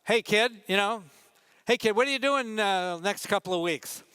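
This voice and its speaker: A man's voice: normal speed, bright, forceful tone, clean tone. An older man putting on the voice of a brash male magazine editor, breezy and offhand. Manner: breezy, offhand pitch for an assignment.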